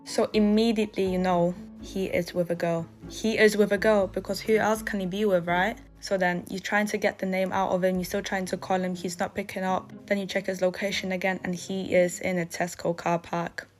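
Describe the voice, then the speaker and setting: A woman's voice: medium pitch, flat delivery, brisk, hardly any pauses. A young woman telling a personal story in a casual, matter-of-fact way, speaking to the listener as "you.". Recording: faint music behind.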